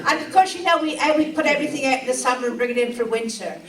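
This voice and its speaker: A woman's voice: high-pitched, very fast, a crowd in the background. An older woman from Cornwall with a Cornish accent, telling anecdotes about dialect with chuckles and relish. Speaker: dialect speaker and storyteller. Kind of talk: anecdotal storytelling. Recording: roomy echo from a distance.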